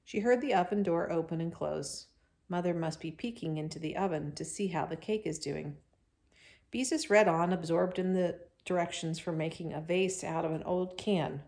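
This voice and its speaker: Woman, children's read-aloud, expressive, chatty asides, slightly low voice. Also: moderate pace. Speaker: children's book reader. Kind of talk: reading a chapter book aloud to children.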